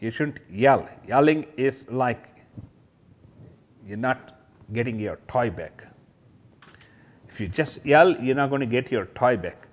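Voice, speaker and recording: Slow, sing-song male kindergarten teacher. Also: medium pitch, animated. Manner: slow, sing-song, talks straight to children, imitates sounds. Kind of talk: children's lesson with toys.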